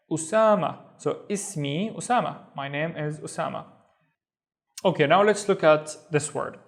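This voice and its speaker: Male teacher, fairly high voice, slow syllable-by-syllable repetition, patient. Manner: patient, sounds out syllables slowly and repeats them. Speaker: Arabic teacher. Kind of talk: slow step-by-step reading lesson.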